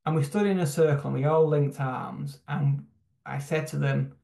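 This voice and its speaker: A young man speaks on a video call, his voice gravelly with a touch of fry. He talks in a reflective, halting way, full of fillers and restarts. The sound carries a roomy echo from the space he is in. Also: fairly high pitch, steady tone, mellow. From United Kingdom. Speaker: church human rights team member. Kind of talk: personal testimony talk on a video call.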